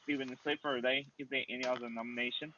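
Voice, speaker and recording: A man's voice: medium pitch, little pitch movement, sharp tone, dull audio, slight background noise. Man calling out game phases. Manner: brisk, procedural announcements. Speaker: game storyteller. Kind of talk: running an online social deduction game.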